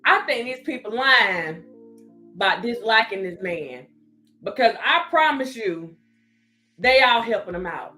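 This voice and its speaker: A high-pitched woman hosts a casual live stream, laughing a lot as she talks to her viewers and reads their comments. Her voice is bright and sharp, and faint music sits behind her. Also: measured pace. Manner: laughing often, chatty and animated, reading viewer comments aloud.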